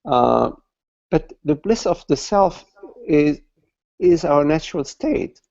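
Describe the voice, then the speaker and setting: A man giving a satsang talk as a spiritual teacher, speaking slowly and haltingly and repeating words as he searches for them, over dull online call audio. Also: fairly high pitch, lively intonation, gravelly, a little mellow.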